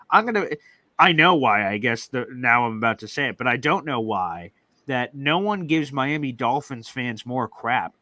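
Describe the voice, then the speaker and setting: A man's voice: mid-range voice, pushed and bright, no echo. A man hosting a casual sports talk livestream, rambling and opinionated with lots of fillers. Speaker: host.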